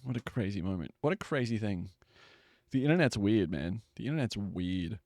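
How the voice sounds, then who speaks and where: A man's voice: fairly low pitch, lively intonation, normal speed, darkish tone, no room sound, soft background music. Man streaming joking banter at his desk, dry close sound. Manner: joking, swears freely, laughs often. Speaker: live streamer. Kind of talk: casual live-stream chat. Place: home desk while baking.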